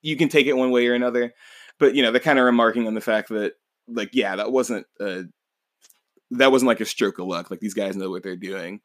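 Speaking on the low side with a fairly bright tone, this man hosts a podcast and gives a quick, rambling, easygoing manga recap, cursing and laughing as he goes. No room sound is audible.

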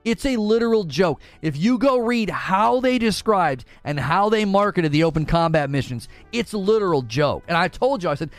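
A man's voice: high voice, lively intonation, normal speed, few pauses, faint music behind. Emphatic, fired-up man ranting. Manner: emphatic, heated, repeats words, mocking quoted voices. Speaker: gaming commentator. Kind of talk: opinionated casual commentary.

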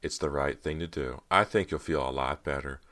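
A man with a very deep voice reading the lines of a loyal, anxious teenage boyfriend who speaks earnestly and urgently. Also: a little fast, sharp tone.

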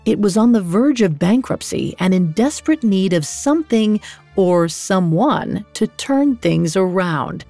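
A woman reading a scripted historical story, measured, with dramatic pauses. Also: mid-range voice, animated, gravelly, warm tone, faint music behind. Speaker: narrator. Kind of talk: scripted documentary narration.

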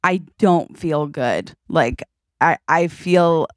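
A woman in her thirties co-hosting a podcast, telling a story in a lively chatty way, acting out her own lines and tossing in "okay?" and "like" a lot. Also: low-pitched, slow, no echo, studio quality. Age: 30s. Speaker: podcast co-host. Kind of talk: casual podcast chat.

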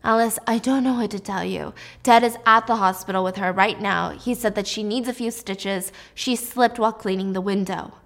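A woman's voice: mid-range voice, moderate pace, vocal fry, hardly any pauses, fairly bright tone, pitched below the performer's own voice. A woman voicing a dismissive young husband who brushes off his wife, placating and stern. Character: dismissive husband, engineer, tense and controlling.

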